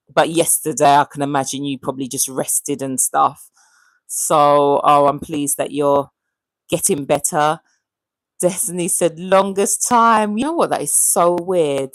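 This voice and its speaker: A woman hosts a casual livestream from home. She speaks unhurriedly in a slightly low voice, reading viewers' messages and firing off friendly questions. The desk mic sounds close and dry. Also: measured pace, no room sound. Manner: chatty, greets viewers by name, asks lots of questions. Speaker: livestream host. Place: home room with a fan running. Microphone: desk microphone.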